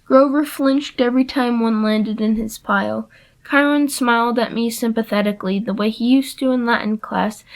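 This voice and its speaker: Woman reading a story aloud, fairly high voice. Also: poor audio. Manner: expressive first-person storytelling. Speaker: narrator.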